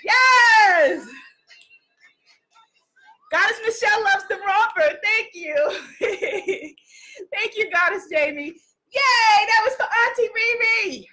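Woman life coach on a live stream, very high and bright voice, exuberant, cheering, out of breath. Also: expressive, slow pace, long pauses. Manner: exuberant, laughing often, calling out cheers. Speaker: spiritual business coach. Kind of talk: live-streamed motivational talk.

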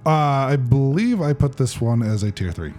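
A man's voice: medium pitch, very animated, moderate pace, a little mellow, soft background music. A man co-hosting a casual chat, hesitant and full of fillers. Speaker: podcast co-host.

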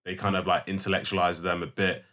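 A young man with a London accent talks in a loose, slangy way, swearing freely as he tells his stories. His voice sits fairly low. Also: fast talker. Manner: slangy, animated storytelling with swearing. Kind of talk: casual chat.

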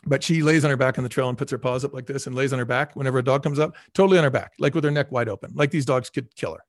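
A man's voice: mid-range voice, rapid-fire, no echo, clean studio sound. A middle-aged man, a former business executive, telling stories as a podcast guest and acting out the voices he quotes. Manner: energetic, acts out quoted voices. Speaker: guest, former restaurant chain CEO. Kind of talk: animated storytelling in a podcast interview.

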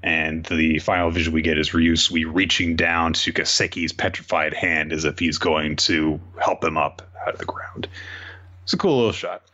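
A man's voice: very deep voice, fairly even intonation, moderate pace, sharp tone. A man casually recapping manga chapters on a podcast, laid-back with dry summaries and filler words. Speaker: podcast co-host. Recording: dull lo-fi sound.

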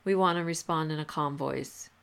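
A woman hosting a podcast, giving advice in a relaxed, conversational way with many fillers and restarts. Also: low-pitched, normal speed, creaky, clean tone. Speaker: podcast host. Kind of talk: casual advice talk.

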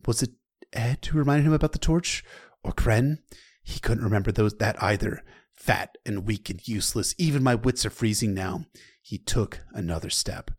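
A man's voice: fairly low pitch, normal speed, breathy edge. A man retelling a novel's chapter in a loose, conversational way, with casual asides to the listener. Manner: loose and conversational, with occasional profanity. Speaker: storyteller.

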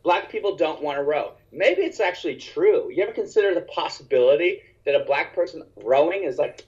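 Animated, profane male comedian telling a story. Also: on the high side, a little fast, few pauses, muffled recording. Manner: animated, profane, acts out other people's lines. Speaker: stand-up comedian. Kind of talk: casual conversational storytelling.

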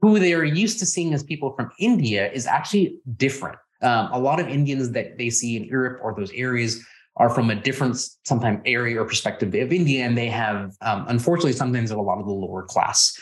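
A man's voice: mid-range voice, animated, fast. Playful man acting out conversations. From Texas, USA. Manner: playful, acts out quoted exchanges in a raised voice. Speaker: podcast guest. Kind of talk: casual podcast conversation.

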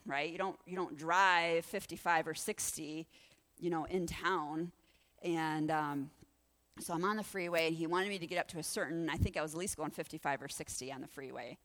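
A woman pastor preaching through a lively personal story, acting out the voices of the people in it. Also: lowish voice. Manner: animated, acts out the voices in her story. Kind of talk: sermon storytelling.

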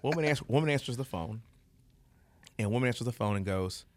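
A man telling an animated story in casual podcast chat, laughing often and stumbling over his words. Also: medium pitch, a little fast, no echo.

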